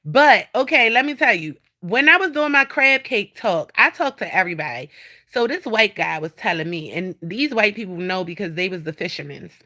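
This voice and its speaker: A woman hosting a casual livestream from home, animated, blunt and profane as she talks straight to her viewers. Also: medium pitch, moderate pace. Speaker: livestream host. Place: at home indoors.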